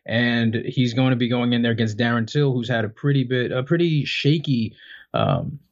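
A man's voice: medium pitch, very animated, moderate pace. A man co-hosting a casual fight-sports talk show, rambling through his analysis with many fillers and restarts. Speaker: MMA podcast co-host. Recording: dull lo-fi audio.

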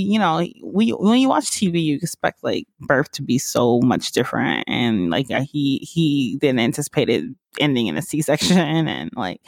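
A woman's voice: low-pitched, creaky, dry recording, studio quality. A woman from the American South, a podcast host, telling her own story in a rambling, casual way with lots of fillers and frequent laughs.

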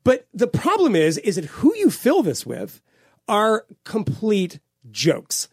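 Talk-show man, gravelly and slightly high, dry close sound; rambling, swearing co-host. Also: slow, no echo. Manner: animated, swearing, rambling with restarts. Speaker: podcast co-host. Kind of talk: casual political chat.

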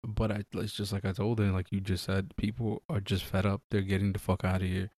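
Animated, profane male podcast co-host. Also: deep voice, brisk, dry recording, studio quality. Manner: animated, profane, acts out bits. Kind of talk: casual podcast chat.

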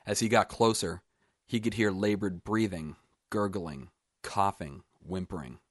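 Deep-voiced man reading a short story. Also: no room sound, clean studio sound. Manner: measured, even storytelling. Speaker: author reading his own story.

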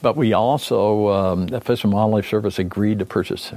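A man's voice: fairly low pitch, normal speed, darkish tone. An older man giving an interview, recalling his years leading a recovery team, rambling and correcting himself as he goes. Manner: rambling, with many fillers and self-corrections. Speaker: interview guest, former condor recovery team leader. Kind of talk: reflective interview recollection.

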